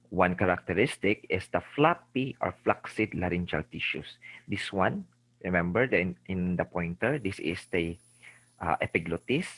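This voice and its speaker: The speaker is a middle-aged man from the Philippines, an ENT surgeon lecturing on medicine in a recorded session with poor audio. His Filipino-accented voice is low, husky and fairly bright, and he repeats important terms, checking in with "okay?" and "remember".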